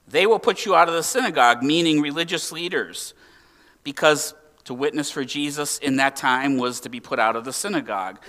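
Male pastor, higher-pitched bright voice, animated sermon delivery, slightly distant church mic. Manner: animated preaching with emphatic rises and hushed drops.

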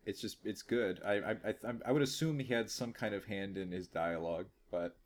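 A man's voice: on the low side, moderate pace, a little hiss or hum. A man co-hosting a casual movie review chat, joking around and laughing often. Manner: laughing, jokey, does silly voices. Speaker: podcast co-host.

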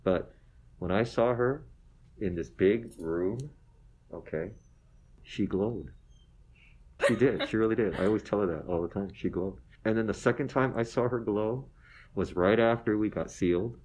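A man in his forties telling stories as an interview guest, animated and self-deprecating, often tagging "okay?" onto his lines and going soft and emotional when he talks about his wife. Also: fairly low pitch, moderate pace, pauses often. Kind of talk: casual storytelling interview.

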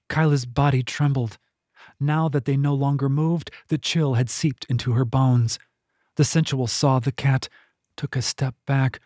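A man's voice: medium pitch, steady tone, darkish tone, dry recording. Man reading a story, dry and close. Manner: measured storytelling. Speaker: audiobook narrator. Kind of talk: scripted narration.

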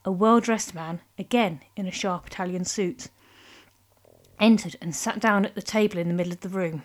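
A woman narrating a comic story in a measured, lightly humorous way. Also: lowish voice. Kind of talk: scripted narration.

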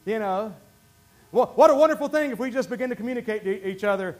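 A man preaching a sermon, swinging from quiet asides to shouted bursts of praise. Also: sits high, animated, quick pace. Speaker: pastor.

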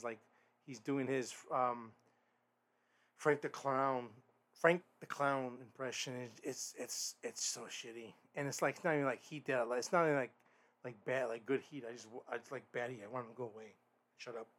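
A man's voice: medium pitch, a bit bright. A man hosting a podcast, giving a casual solo wrestling review in a rambling, blunt way, often restarting his sentences and swearing now and then. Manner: rambling, frequent restarts and fillers. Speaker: podcast host.

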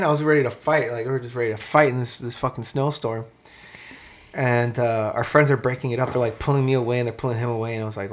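A man in casual chat, telling a story in an animated, profane way, with lots of "man" and "dude". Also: mid-range voice, a little fast.

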